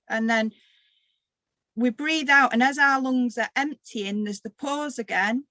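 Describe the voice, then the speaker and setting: A tired woman leading a guided meditation workshop, talking gently with long pauses. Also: a little high, dry recording. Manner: slow, gentle guiding with pauses. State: tired, occasional coughing. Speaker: workshop leader.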